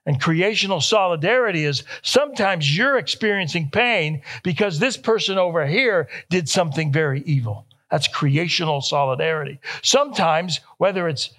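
A man's voice: fairly high pitch, expressive, normal speed, hardly any pauses, a bit bright. A young man preaching a sermon, stressing key phrases and repeating them, rising with feeling on quoted questions. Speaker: pastor.

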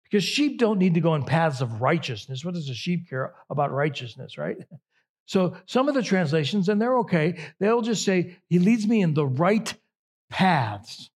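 A middle-aged pastor delivers a sermon in a slightly raised, husky voice. He speaks slowly and reflectively, pausing often between phrases. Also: on the high side, big pitch swings.

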